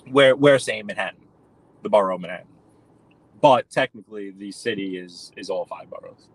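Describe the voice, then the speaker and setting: A chatty New York man with a lowish voice hosts a live stream while driving his car, speaking at a moderate pace. He rambles casually and addresses viewers by name, on a rough recording.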